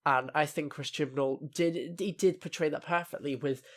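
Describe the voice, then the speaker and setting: A man's voice: fairly high pitch, steady tone, moderate pace. A young man giving a casual spoken TV episode review, rambling with many fillers and restarts. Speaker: TV review vlogger.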